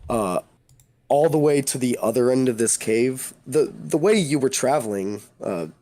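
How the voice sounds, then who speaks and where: A man narrating as game master, describing scenes in a halting way with many fillers. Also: medium pitch, lively intonation, warm tone, no echo.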